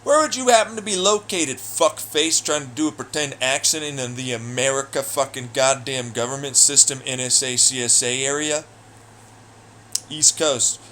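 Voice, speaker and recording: A man ranting alone in an audio blog, profane, taunting and hostile, swinging between loud jeers and low muttering. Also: normal speed, slight background noise. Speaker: audio blogger. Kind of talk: angry solo rant.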